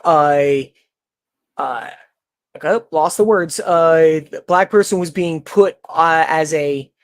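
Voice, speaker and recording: A man's voice: on the high side, slow, no echo. A man in his forties, a podcast guest in casual chat, who laughs often and acts out voices in his stories.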